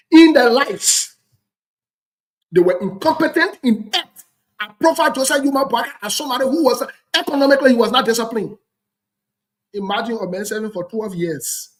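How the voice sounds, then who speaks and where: A man with a Liberian English accent and an extremely high, fairly bright voice hosts a talk show on a rough recording. He delivers heated political commentary in an emphatic, repetitive, lecturing way.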